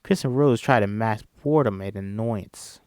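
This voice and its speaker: Man reading a screenplay, flat dry voice. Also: fairly low pitch, moderate pace, dry recording. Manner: reads all parts himself, stumbling at times. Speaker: script reader. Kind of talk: solo script read-through.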